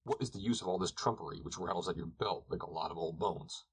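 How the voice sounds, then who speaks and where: A plain-spoken, weather-wise village shepherd, as a man acts him out in a storybook. His low voice is husky and his answers come dry and blunt. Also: fast talker. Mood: scoffing.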